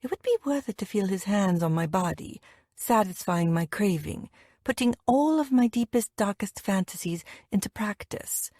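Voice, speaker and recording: A woman narrating a first-person romance audiobook in an intimate, expressive way, voicing the dialogue as she reads. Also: medium pitch, normal speed, dry recording, studio quality.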